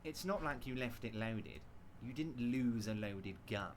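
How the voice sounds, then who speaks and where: An actor voicing a calm male narrator in a video game, measured and quietly assured. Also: mid-range voice, a little hiss or hum. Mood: soothing. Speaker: game character voice-over. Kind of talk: scripted game voice acting.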